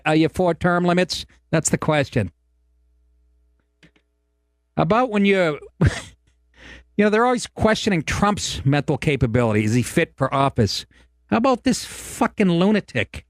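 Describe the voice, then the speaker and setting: A man's voice: fairly high pitch, big pitch swings, unhurried, long pauses, dry recording, clean studio sound. A middle-aged man hosting a talk show, ranting in a profane, sarcastic and exasperated way. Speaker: host.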